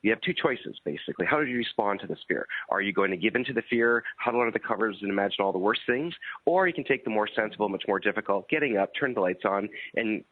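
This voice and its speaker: A middle-aged man chatting casually as a guest on a radio talk show, talking quickly, repeating words and laughing often. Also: lowish voice, expressive, dry recording. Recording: dry phone-line audio.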